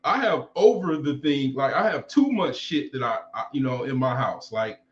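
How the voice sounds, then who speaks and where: A man's voice: medium pitch, animated, moderate pace. A man in his forties telling stories casually in a loose, rambling and profane way. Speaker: vlogger. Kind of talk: casual storytelling. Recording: roomy, slightly dull recording.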